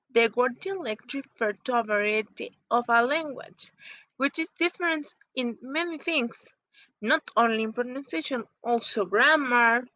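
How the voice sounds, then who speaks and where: A woman whose first language is Spanish, explaining phonetics in halting English as she searches for words. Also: a little high, bright, forceful tone, dry recording, rough recording.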